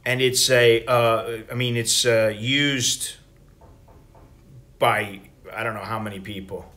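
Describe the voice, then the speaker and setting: Bright-voiced American man rambling. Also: mid-range voice, takes it slowly. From United States. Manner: rambling, profane, animated storytelling. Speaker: travel vlogger. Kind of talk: casual travel vlog.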